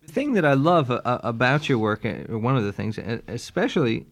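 A man's voice: mid-range voice, sing-song, brisk, crowd noise, noisy background. A man interviewing a guest, asking questions in a hesitant, wry manner with many fillers. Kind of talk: casual interview.

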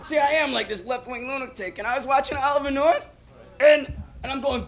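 High-voiced young comedian on stage. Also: male voice, fairly quick, gravelly. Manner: animated, rambling, acting out bits. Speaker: stand-up comedian. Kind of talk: stand-up comedy set. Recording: live club with noisy laughing crowd. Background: audience laughter and noise.

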